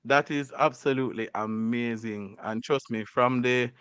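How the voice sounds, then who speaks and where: A man's voice: mid-range voice, moderate pace, clear, resonant tone, no room sound. A man hosting a radio show in a studio, teasing and laughing as he chats with a guest. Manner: teasing, animated, laughs often. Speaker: radio host. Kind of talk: playful casual radio chat.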